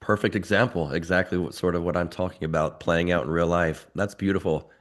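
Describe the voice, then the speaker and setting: A man speaking as a guest in a relaxed conversation, telling stories thoughtfully. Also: low-pitched, brisk. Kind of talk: casual conversation.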